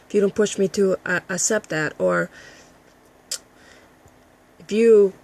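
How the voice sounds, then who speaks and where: A woman's voice: mid-range voice, big pitch swings, slow, darkish tone. A woman ranting bluntly and heatedly to camera in a video monologue, swearing freely and often restarting her words. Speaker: channel owner.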